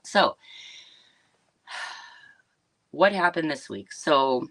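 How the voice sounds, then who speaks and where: Woman livestream host, rambling and chatty, bright forceful voice, dry close sound. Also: sits low, sing-song, extremely slow, no echo, rough recording. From Wisconsin, US. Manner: rambling and chatty, with many fillers and asides to viewers. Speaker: livestream host and business owner. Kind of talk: casual livestream monologue.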